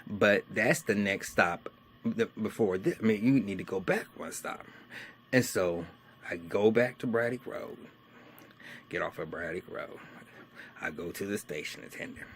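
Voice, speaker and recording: A man telling a personal life story in a casual, animated way. He is heavily profane and swings from hushed asides to loud outbursts. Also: on the low side, unhurried, a little hiss or hum.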